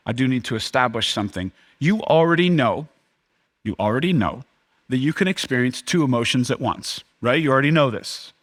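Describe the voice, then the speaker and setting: A man's voice: mid-range voice, a bit bright. A young adult man, a pastor, preaching a sermon in a church, often acting out the crowd's reactions in a raised voice.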